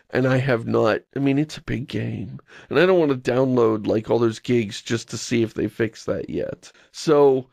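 A man chatting casually as a podcast co-host, rambling and wry with an exasperated edge. His voice has a gravelly, creaky texture. The recording is dry and close. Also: mid-range voice, darkish tone, no room sound.

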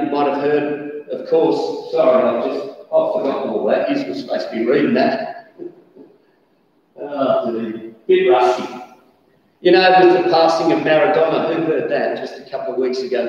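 A man preaching a lively sermon, telling stories with sudden shouted bursts. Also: medium pitch. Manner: animated storytelling, bursts of shouting. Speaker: pastor. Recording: echoey hall, distant dull mic.

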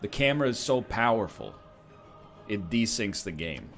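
A man's voice: lowish voice, sing-song, normal speed, gravelly, faint music behind. A man joking and thinking aloud as he plays a strategy game, giving casual gameplay commentary. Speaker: gaming streamer.

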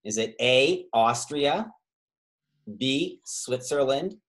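A man hosting a trivia quiz over a video call, reading out multiple-choice options slowly and drawing out the key words, with chatty asides and quick self-corrections. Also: medium pitch, lively intonation, a bit bright. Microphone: video call microphone.

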